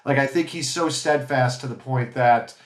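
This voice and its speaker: Podcast guest guy, halting and searching for words, lots of room echo. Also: medium pitch. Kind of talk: casual film discussion. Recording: roomy echo.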